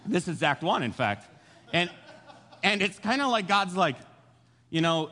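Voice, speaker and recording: A young man preaching a casual sermon, retelling a Bible story in an animated way and acting out the voices. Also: high voice, unhurried, a little hiss or hum. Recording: long hall reverb.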